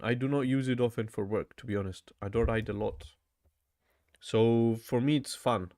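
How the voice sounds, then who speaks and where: A man's voice: medium pitch, steady tone, moderate pace, a little mellow. Chatty man repeating words aloud. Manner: thinks aloud, repeats words, says "bro" often. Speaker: language learner vlogger. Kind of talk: casual study vlog.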